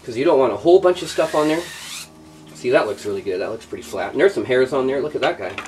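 A man's voice: medium pitch, expressive, fast, noisy background. A man hosting a how-to show, demonstrating by hand in an indoor workshop with a rambling, joking, self-deprecating manner. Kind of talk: casual hands-on demonstration.

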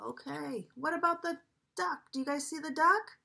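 A preschool teacher reading a picture book aloud to young children, asking them coaxing questions and dropping now and then to a whisper. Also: female voice, high-pitched, gravelly. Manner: animated, slow, coaxing questions to children, drops to a whisper at times.

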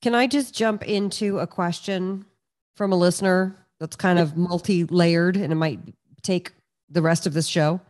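A woman co-hosting a podcast, easygoing in casual chat and quick to laugh. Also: lowish voice, steady tone, darkish tone. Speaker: podcast co-host.

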